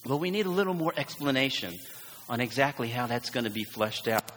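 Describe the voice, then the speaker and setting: A man's voice: mid-range voice, expressive, fairly quick, a bit bright, a little hiss or hum. A man preaching a sermon as pastor, earnest and emphatic, leaning into repeated phrases. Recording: long church hall reverb.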